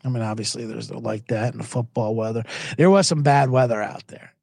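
A man hosting a casual sports podcast, talking in an animated, profane way and jumping between topics with loud mocking impressions. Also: mid-range voice, a little fast, gravelly, dry recording. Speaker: podcast host.

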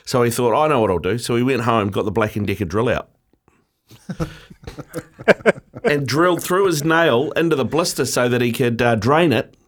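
A man co-hosting a casual sports chat, telling an anecdote in a relaxed way. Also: medium pitch, normal speed, long pauses. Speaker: podcast co-host.

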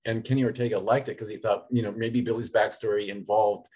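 Middle-aged male actor, husky and lowish, eager chatty interviewee. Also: steady tone, fast talker, darkish tone. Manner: enthusiastic, laughing fan talk. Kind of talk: casual interview answers.

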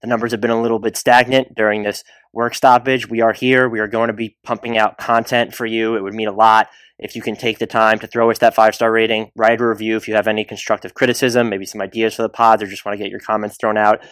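A man's voice: lowish voice, level tone, fast talker, few pauses, a bit bright, no echo. A man hosting a solo basketball podcast, chatty and rambling with restarts and asides. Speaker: podcast host.

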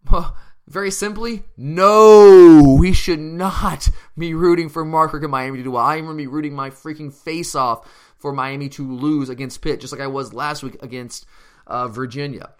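A man's voice: mid-range voice, brisk, pushed and bright. A man hosting a sports podcast, answering listener questions in a casual, emphatic way and often restarting his sentences. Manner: emphatic and fired up, with frequent restarts. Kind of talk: casual fan Q&A commentary.

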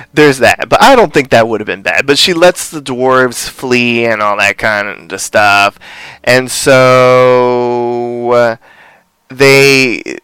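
A man's voice: medium pitch, a bit bright, clean tone, dry recording. Rambling male podcast host recapping. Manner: rambling, filler-heavy. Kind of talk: casual TV episode recap.

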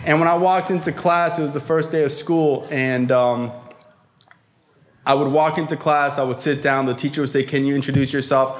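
A man's voice: on the high side, steady tone, moderate pace. A man telling a personal recovery story to a live audience, in a casual, profane, slangy way with frequent fillers. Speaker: speaker sharing a recovery story.

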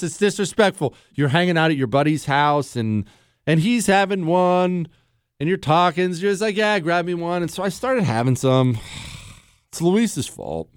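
A man's voice: on the high side, clean tone, dry recording. A man hosting a talk radio show, sarcastic and bantering with his producers in the studio. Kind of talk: casual talk radio monologue. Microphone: studio microphone.

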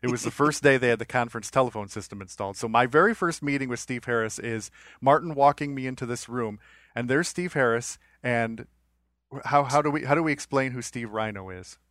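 A man's voice: mid-range voice, brisk, fairly bright tone, no echo, clean studio sound. A man co-hosting a podcast, telling a story in a rambling, anecdotal way. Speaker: podcast co-host. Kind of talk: casual storytelling.

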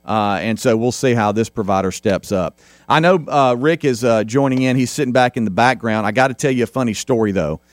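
A man's voice: medium pitch, a little fast, no echo. A middle-aged man hosting a casual talk radio show, rambling with lots of fillers and restarts.

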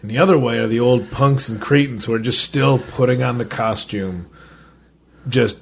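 A podcast co-host with a medium-pitched, gravelly voice tells a casual story at a moderate pace, leaning on "like" constantly, swearing freely, and acting out other people's lines. His delivery is loose and profane, and there's a faint hiss or hum in the background.

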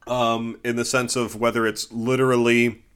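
A man's voice: medium pitch, normal speed, clean tone. A man co-hosting a casual movie discussion, swearing freely and acting out scenes as he talks. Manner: animated, swearing, acts out scenes.

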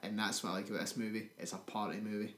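A man's voice: lowish voice, steady tone, racing, fairly bright tone. Guy on a podcast, crude banter about films, echoey room. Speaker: podcast co-host. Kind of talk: casual film-review chat. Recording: roomy echo.

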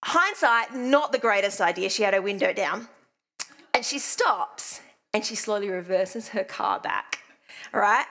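Young Australian woman preacher, high bright voice, casual and self-mocking. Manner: chatty, self-deprecating storyteller. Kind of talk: sermon with personal stories.

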